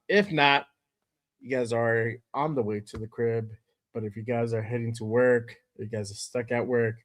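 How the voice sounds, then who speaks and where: Hoarse guy w a cold doing a chill fan stream from home, shouting out chat by name, middle pitch. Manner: laid-back, greets viewers by name. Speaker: host of a fan show. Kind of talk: casual livestream chat.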